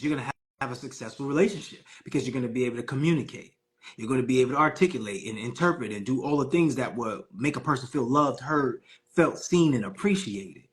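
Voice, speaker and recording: A man hosting a live call with preachy, hyped motivational talk. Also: mid-range voice. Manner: preachy, hyped, calls the audience Queen.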